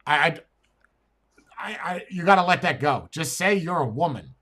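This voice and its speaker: Man, husky voice, slightly high pitch, blunt, repeats himself, casual podcast storytelling. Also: big pitch swings, moderate pace, pushed and bright. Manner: blunt, repeats words, stammers at starts.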